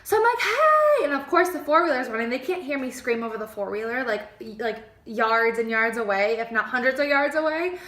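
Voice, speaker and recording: A young woman tells a story to her camera in a chatty, rambling way, filling her talk with "like" and acting out what she said at the time. Her voice sits a little high and sounds bright and sharp. The room around her is echoey. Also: brisk, few pauses. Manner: chatty, heavy use of "like", acts out her own past lines. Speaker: vlogger. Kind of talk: casual storytime.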